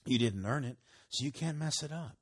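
A man preaching a relaxed, conversational sermon, his voice rising for emphasis and dropping to a murmur. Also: fairly quick, breathy edge. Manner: conversational, swinging between loud emphasis and low murmurs. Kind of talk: sermon teaching.

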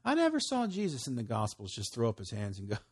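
A man preaching a relaxed, conversational sermon, his voice rising for emphasis and dropping to a murmur. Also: quick pace, husky. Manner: conversational, swinging between loud emphasis and low murmurs. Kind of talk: sermon teaching.

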